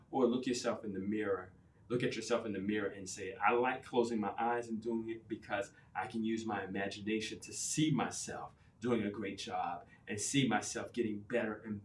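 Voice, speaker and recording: A man's voice: mid-range voice, echoey room, a little hiss or hum. A man speaking as a caregiving coach, giving an earnest, encouraging motivational talk and repeating affirmations.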